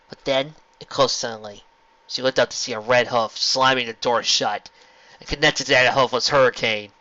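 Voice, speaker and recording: A man reading a fan fiction story aloud with expressive narration. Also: medium pitch, no room sound. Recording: lo-fi home recording.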